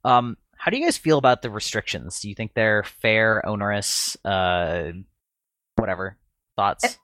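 A man's voice: on the low side, a little slow, pushed and bright, no echo. A man chatting casually as a podcast guest, rambling with many fillers. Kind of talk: casual chat.

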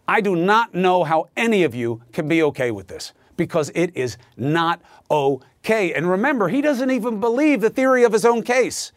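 Male news host, opinion monologue, emphatic and sarcastic, lively pitch. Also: normal speed, hardly any pauses, no room sound, clean studio sound.

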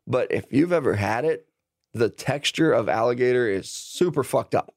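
A man co-hosting a podcast, swapping stories with an easy, swearing, laid-back manner. His voice sits at an ordinary middle pitch. It sounds dry and close, with no room echo. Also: lively intonation, moderate pace, darkish tone. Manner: swearing, storytelling banter. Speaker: podcast co-host. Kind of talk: casual chat.

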